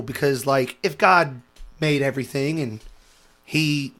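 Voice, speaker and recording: A man's voice: medium pitch, a little slow, fairly bright tone, faint music behind. A man co-hosting a podcast, chatting casually with a wry, teasing manner. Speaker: podcast co-host. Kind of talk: casual chat.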